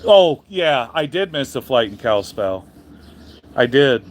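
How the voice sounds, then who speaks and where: Speaking a bit slowly in a sing-song, medium-pitched voice, a trucker goes through his livestream chat with slight noise behind him. His replies are casual, rambling and blunt, laced with profanity and frequent restarts.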